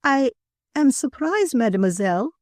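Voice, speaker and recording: A woman doing a coquettish young wife, high and pleading. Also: expressive, moderate pace, no echo, studio quality. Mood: gushing. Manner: breathless, imploring, theatrical. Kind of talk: audiobook character voice.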